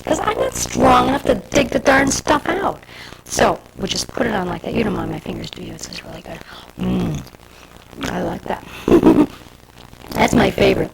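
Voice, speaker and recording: A woman's voice: lowish voice, creaky, background noise. A woman from Michigan hosting a cooking show, demonstrating a dessert to camera in a chatty, homey way with asides to the viewer. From Michigan, USA.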